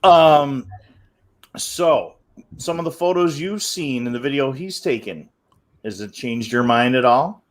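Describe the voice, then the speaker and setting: A man's voice: medium pitch, lively intonation, a little slow. Man co-hosting a casual chat. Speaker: podcast co-host.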